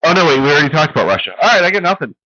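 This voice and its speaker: A male radio co-host with a lively, swinging delivery and a bright edge. He is wry and playful in casual banter. The dry sound is a bit dull. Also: a little high, rapid-fire, dry recording. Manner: laughs often, wry and playful. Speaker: co-host of a late-night radio talk show.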